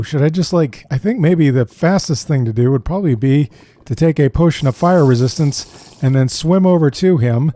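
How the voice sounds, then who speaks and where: Gameplay commentator: man, mellow tone, chatty, thinks out loud, casual delivery. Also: fairly high pitch, moderate pace, dry recording. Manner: chatty, thinks aloud, often says "dude". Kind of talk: casual let's-play commentary.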